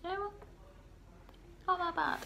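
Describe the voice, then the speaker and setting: A woman in her twenties, talking softly and a bit nervously in a personal vlog. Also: very high-pitched, steady tone, normal speed, creaky, very noisy. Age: 20s. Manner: soft-spoken and nervous, often hushed. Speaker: vlogger.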